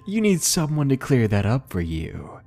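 A man voicing a creepy, leering middle-aged male stranger who talks low and slow. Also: wildly swooping pitch, creaky, a little mellow, faint music behind, exaggerated voice.

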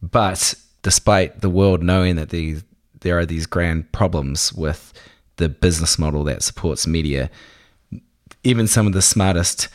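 Deep-voiced man telling stories. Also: a little slow. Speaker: interview guest, co-founder. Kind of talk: relaxed storytelling.

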